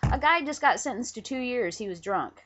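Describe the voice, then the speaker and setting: A woman's voice: fairly high pitch, animated, brisk, background noise. A woman angrily ranting into a webcam at home, profane and emphatic. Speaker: vlogger. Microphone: camera on a pillow. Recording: dull lo-fi webcam audio.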